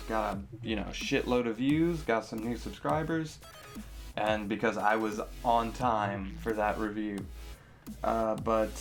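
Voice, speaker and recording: Fielding viewer questions in a vlog, a fairly low-pitched young man keeps things casual and rambling. Fillers pile up, and he often pokes fun at himself.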